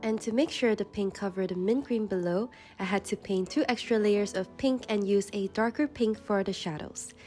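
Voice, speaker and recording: A young woman with a slightly stuffy, congested voice narrates a voice-over for her journaling channel, calm and gentle. Her tone is mellow and warm, at a middle pitch, and soft music plays quietly underneath. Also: moderate pace, hardly any pauses. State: congested from a runny nose.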